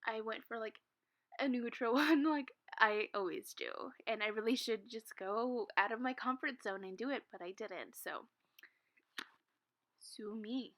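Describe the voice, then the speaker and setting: A young woman with a slightly high voice chats with her viewers in a loose storytime way. She giggles often and fills her sentences with "like" and "um". Her voice often sinks to a soft, low murmur. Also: unhurried. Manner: chatty and giggly, full of "like" and "um". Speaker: Sims content creator. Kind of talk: casual storytime chat.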